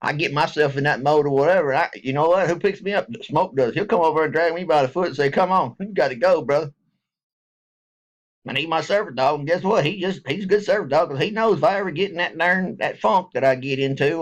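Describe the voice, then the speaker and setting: A middle-aged man with a drawl and a fairly high voice. He talks in a folksy, rambling, joking way, addressing his viewers directly in casual chat. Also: quick pace, few pauses, highs cut off. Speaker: vlogger. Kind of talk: casual direct-to-camera talk.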